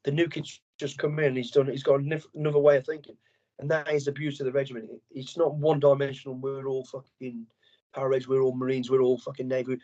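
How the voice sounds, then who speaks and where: A man's voice: mid-range voice, quick pace, lo-fi sound. Blunt, swearing man. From England. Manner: blunt, heavy swearing, animated storytelling. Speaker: former soldier, guest. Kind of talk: casual interview chat.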